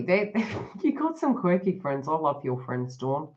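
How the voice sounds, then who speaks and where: A woman's voice: low voice, sing-song, normal speed, darkish tone. A woman reading cards on a live stream, chatting to viewers by name and laughing often. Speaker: tarot reader hosting a live stream. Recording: dull lo-fi live stream audio.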